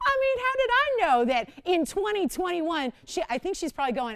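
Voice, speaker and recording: A woman's voice: sits high, big pitch swings, moderate pace. A middle-aged woman hosting a live jewelry shopping show, chatty and self-mocking, laughing often as she talks up each piece. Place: TV shopping studio.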